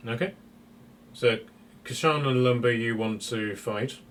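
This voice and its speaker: A man acting as game master, talking casually and relaxed, with many fillers. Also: medium pitch, a little slow, a little hiss or hum. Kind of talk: running a tabletop game.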